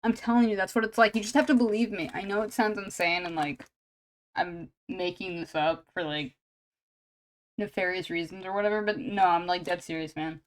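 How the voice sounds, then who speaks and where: A woman's voice: on the low side, fairly even intonation, a little fast. A woman streamer chatting casually and rambling with lots of fillers while she draws live, a little sniffly. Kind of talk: casual chat while drawing.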